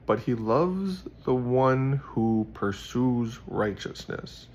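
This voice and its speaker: A man voicing a wise old fantasy wizard, reciting in a slow, solemn, drawn-out way. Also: mid-range voice, full character voice. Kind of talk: reading scripture aloud in character.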